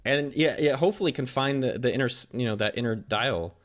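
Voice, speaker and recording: Fast-talking blunt man. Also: mid-range voice. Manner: blunt, fast, swears freely, acts out quotes. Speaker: guest entrepreneur. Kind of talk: casual interview chat.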